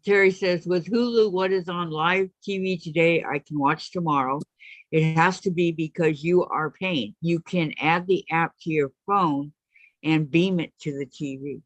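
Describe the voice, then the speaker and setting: A woman hosting a livestream, reading viewers' comments aloud in a measured way over a video call. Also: low voice, no room sound. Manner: measured, read-aloud delivery.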